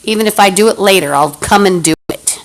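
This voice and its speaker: A woman's voice: medium pitch, brisk, slight background noise, poor audio. Woman ranting angrily on a live stream. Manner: profane, hostile, berating unseen listeners. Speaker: livestreamer. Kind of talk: angry live-stream rant. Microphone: phone livestream.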